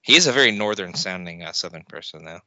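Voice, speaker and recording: A man's voice: sits low, animated, fast talker, sharp tone, no echo, lo-fi sound. A man from the American South, co-hosting a casual podcast chat while watching wrestling, teasing and laughing often. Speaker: podcast co-host.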